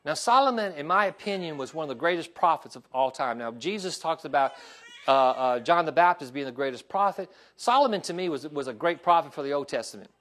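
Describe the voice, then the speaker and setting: Pastor, male, high-pitched, lively pulpit delivery, asks congregation for responses. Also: a little fast. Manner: animated preaching with call-and-response asides. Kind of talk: sermon. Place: church sanctuary.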